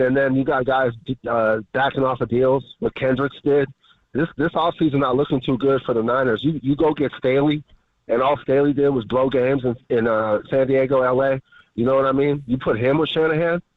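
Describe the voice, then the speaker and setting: A male caller vents about his team with a sarcastic, exasperated edge. His voice comes through a tinny, narrow phone line. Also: mid-range voice. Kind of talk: call-in radio rant. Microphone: telephone.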